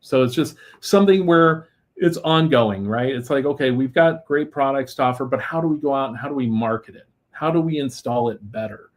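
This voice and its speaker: A man guesting on a business podcast in casual interview chat; he is relaxed and talkative and uses many fillers. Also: medium pitch, a little fast, hardly any pauses. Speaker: guest, lighting company executive.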